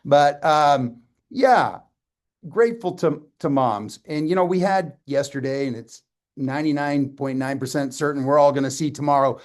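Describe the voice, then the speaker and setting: Folksy man presenting on a call. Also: medium pitch. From Canada. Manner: sentimental, folksy, loose and rambling. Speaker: company presenter. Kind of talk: live presentation on a video call. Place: home office.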